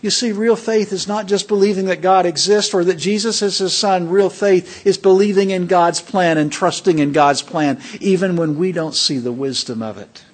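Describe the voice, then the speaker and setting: A man's voice: sits high, normal speed, hardly any pauses. A man preaching a sermon to a worship assembly, emphatic and fond of rhetorical questions to the congregation.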